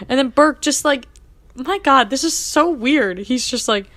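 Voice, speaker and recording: A woman's voice: high-pitched, animated, a little slow, pauses often, fairly bright tone, no echo. A young woman co-hosting a podcast, chatting casually and gushing over a TV episode while acting out quoted lines. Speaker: podcast co-host. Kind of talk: casual chat recapping a TV episode.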